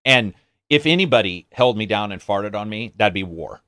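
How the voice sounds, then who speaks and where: A man co-hosting a casual podcast, telling stories in an animated, profane way. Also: on the low side, moderate pace, no echo, studio quality. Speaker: podcast co-host. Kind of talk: casual chat.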